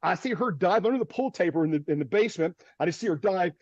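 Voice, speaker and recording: Speaking quickly with lively intonation, a high-voiced male storm chaser vividly narrates a story over a video call, restarting now and then and laughing nervously. The audio is dry, dull and lo-fi.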